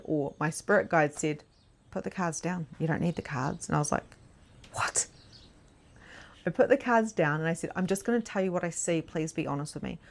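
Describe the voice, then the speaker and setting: A woman with a slightly low voice leads a live online mediumship masterclass. She tells her stories in a chatty, animated way, laughing often and saying "like" a lot. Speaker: spiritual mediumship coach.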